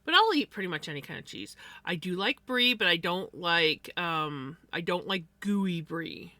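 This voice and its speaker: A woman's voice: lowish voice, lively intonation, moderate pace, sharp tone, dry recording. A woman hosting a livestream, chatting casually while she crafts. She rambles with many fillers. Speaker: livestream host.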